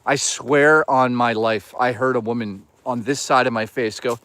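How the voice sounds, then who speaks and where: Out on a woodland hike, this man streams live, joking around, cursing, and reading chat in a loose, rambling way. His medium-pitched voice is fairly bright, with fairly even intonation and a moderate pace. A little background noise can be heard.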